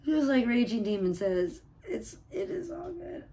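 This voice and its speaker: A woman streaming live from her home computer room, chatting loosely and cursing without a second thought. Her fairly high voice has a gravelly fry and a soft, mellow tone. She sits back from the mic in an echoey room. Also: very animated, unhurried. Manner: chatty, swears freely. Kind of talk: casual live-stream chat. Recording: echoey room, mic at a distance, faint hiss.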